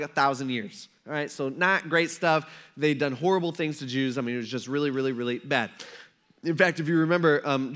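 Young guy pastor, kinda high voice, joking around mid sermon, acts out the people he talks about. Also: fairly bright tone. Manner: casual, joking preacher who acts out quotes.

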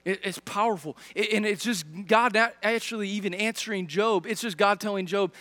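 High-voiced pastor preaching in a reverberant hall. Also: male voice, sharp tone. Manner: questions the congregation directly, pauses and restarts. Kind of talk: sermon. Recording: long reverb of a large hall.

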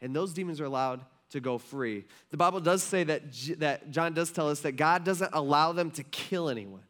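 Guy preaching a laid-back sermon, kinda high voice, lots of likes and ums. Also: normal speed, a bit bright. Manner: conversational, filler-heavy, asks the room questions. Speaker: pastor. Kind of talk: casual sermon.

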